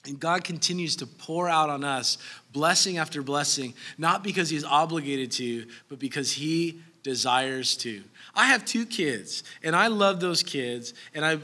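A man in his thirties preaching a sermon as pastor, animated, breaking into acted asides. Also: fairly high pitch, moderate pace.

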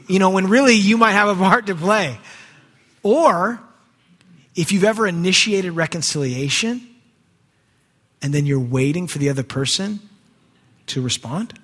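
A male pastor preaching a sermon in a church, conversational, swinging from quiet asides to raised emphasis. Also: high-pitched, animated, unhurried, long pauses. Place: church sanctuary. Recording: long hall reverb.

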